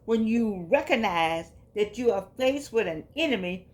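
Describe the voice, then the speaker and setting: A woman's voice: fairly high pitch, animated, normal speed. A woman casually reading passages from a book aloud and talking them over in a conversational, down-to-earth way. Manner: grows quiet and subdued. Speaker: vlogger reading and commenting on a book.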